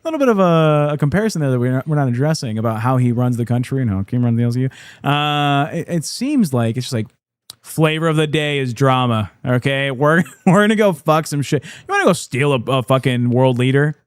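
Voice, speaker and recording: A man's voice: medium pitch, animated, fairly quick, smooth, no echo. Sarcastic swearing man, dry sound. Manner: blunt, profane, sarcastic. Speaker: podcast co-host. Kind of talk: casual political chat.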